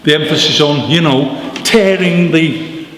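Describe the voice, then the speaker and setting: A man giving an animated, informal talk to an audience at a book launch, telling stories with emphatic asides. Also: on the high side, a little slow. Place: church hall. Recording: echoey church with long reverb, faint noise.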